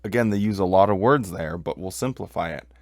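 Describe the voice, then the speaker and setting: Man, low voice, dry close sound, reads quotes then argues with heated emphasis. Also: brisk, dry recording. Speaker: podcast host. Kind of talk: commentary on religious texts.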